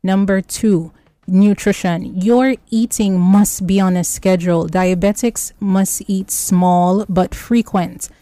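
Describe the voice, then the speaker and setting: Slow, mellow-voiced woman health guest. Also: medium pitch, steady tone, no echo. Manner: slow, explanatory, lists points by number. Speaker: nutrition expert guest. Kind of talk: radio health talk show.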